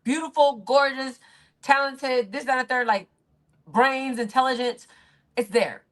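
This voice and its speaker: A woman's voice: high-pitched, steady tone, a little slow, a bit bright. A woman co-hosting a podcast, talking in a casual, emphatic way and stacking up adjectives and long explanations. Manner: emphatic, piles up adjectives, wordy. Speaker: podcast co-host. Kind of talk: casual recap chat.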